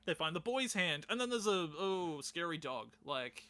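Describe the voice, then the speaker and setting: A man with a bright, forceful voice sitting a little high for a man. He co-hosts a casual film chat, riffing, joking and breaking into laughs. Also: big pitch swings, normal speed. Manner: jokey, laughs often, riffs with silly voices. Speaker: podcast co-host.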